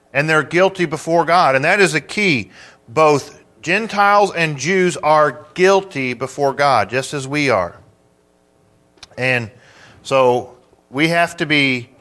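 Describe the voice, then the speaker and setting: A man preaching a sermon, teaching through scripture verse by verse, with emphatic pauses and questions to the congregation. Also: fairly high pitch, pushed and bright. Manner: measured, with emphatic pauses on key words.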